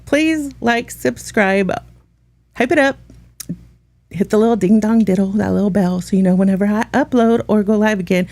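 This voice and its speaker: A woman's voice: medium pitch, darkish tone, no room sound. A woman vlogger giving blunt, sassy, profane commentary, her voice strained so she struggles to talk. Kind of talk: casual ranting commentary.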